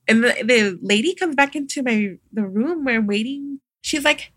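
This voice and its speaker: Young woman guest, lively storyteller who mimics others, slightly high voice, dry close mic. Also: normal speed, hardly any pauses, no room sound. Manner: animated, acts out quoted voices, laughs often. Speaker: podcast guest, midwife. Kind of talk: casual storytelling.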